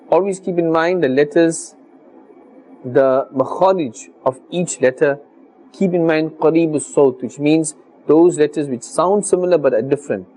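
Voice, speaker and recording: A man's voice: on the high side, a little mellow. Earnest man teaching careful recitation. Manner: slow, careful demonstrations of letter sounds. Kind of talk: televised religious lesson.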